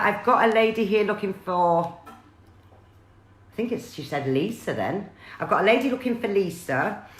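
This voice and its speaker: A woman's voice: fairly low pitch, fairly bright tone, reverberant. A woman, chatting on a live stream as a psychic medium and passing on messages with many fillers and restarts.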